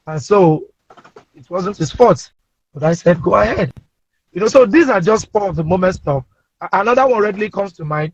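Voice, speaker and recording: A man with a Nigerian accent, a comedian telling playful anecdotes in an animated way, speaking from inside a car. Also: high-pitched, normal speed, husky, no echo. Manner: animated, playful, acts out voices. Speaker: comedian guest. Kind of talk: casual anecdotal storytelling. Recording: dull lo-fi remote audio.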